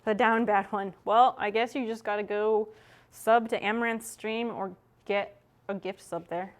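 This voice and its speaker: A woman's voice: medium pitch, steady tone, unhurried. A young adult woman streamer chatting casually with her viewers as she works, swearing freely. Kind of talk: casual chat with chat while working.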